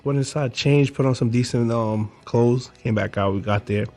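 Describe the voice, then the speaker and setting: A man's voice: medium pitch, moderate pace, a little mellow, faint music behind. A young man telling easygoing stories as a guest in a casual podcast chat.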